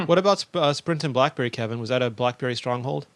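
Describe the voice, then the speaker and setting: A man hosting a tech podcast, brisk and joking as he wraps up the show. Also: medium pitch, dry recording. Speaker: host.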